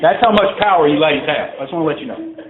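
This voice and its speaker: A man's voice: fairly high pitch, animated, fast. A man speaking at a recovery meeting, telling a story to a crowd in a profane, digressive, conversational way. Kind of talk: live storytelling talk to a crowd. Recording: tinny phone-like recording, faint hiss.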